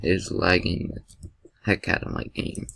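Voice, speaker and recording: Gravelly excitable young man gaming. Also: low-pitched, normal speed, rough recording. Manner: excitable, jokey, yelps at scares. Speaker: gameplay commentator. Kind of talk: gameplay commentary.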